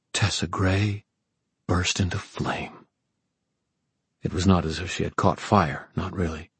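A man reads an audiobook with dramatic, measured narration. His voice is very deep and husky, and the sound is dry and close. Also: darkish tone, no room sound. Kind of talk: scripted narration.

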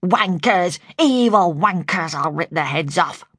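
A woman voicing a gruff, menacing male alter ego who growls and snarls threats. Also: medium pitch, expressive, slow, fairly bright tone, dry recording, studio quality. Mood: snarling furious.

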